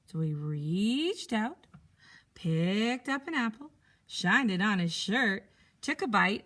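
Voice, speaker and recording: A teacher reading a picture book aloud to young pupils, expressive and animated. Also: female voice, medium pitch, slow.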